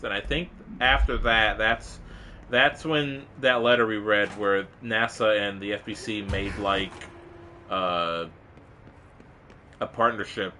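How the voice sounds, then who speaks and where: A man's voice: fairly low pitch, takes it slowly, bright, forceful tone, a little hiss or hum. A young man giving rambling, casual let's-play commentary, swearing freely and reading game text aloud. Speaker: game streamer.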